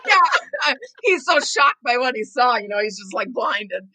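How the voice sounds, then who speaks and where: Bright-voiced woman telling a funny story. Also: on the high side, big pitch swings, measured pace, dry recording, poor audio. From Southwest Wisconsin. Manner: acts out quoted voices, laughs often. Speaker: realtor guest. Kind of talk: casual storytelling.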